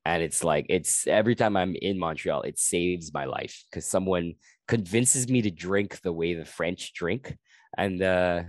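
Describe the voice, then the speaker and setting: A man with a very deep voice chatting on a podcast and telling stories in an easygoing, rambling way. He swears freely. The sound is dry and close to the mic. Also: unhurried, dry recording. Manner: laid-back storytelling, swears freely. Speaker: comedian guest. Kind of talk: casual podcast chat. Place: lives in Toronto.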